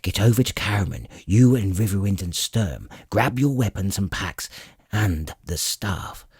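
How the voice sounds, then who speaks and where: A man voicing a gruff old male dwarf warrior who talks in a terse growl. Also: low voice, animated, a little slow, a little mellow, no echo, studio quality, exaggerated voice. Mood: gruff urgent.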